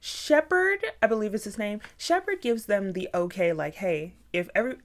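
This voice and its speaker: A young woman talks through a horror film in a loose, profane recap. She gets animated, acts out the characters' lines and drops into sudden whispers for effect. Her voice sits at an ordinary middle pitch for a woman. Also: moderate pace. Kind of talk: casual movie recap.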